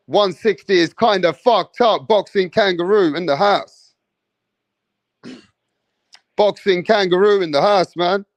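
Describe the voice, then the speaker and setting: The speaker is a young man hosting a boxing livestream in a high-pitched voice, with no echo. His live chat is casual and repetitive, packed with slang, and he reads out what viewers comment.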